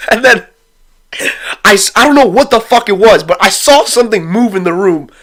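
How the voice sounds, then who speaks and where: A man's voice: sits high, moderate pace. A young man telling a rambling, profane story about a night with friends in a casual vlog. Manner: rambling, swears constantly, excitable retelling.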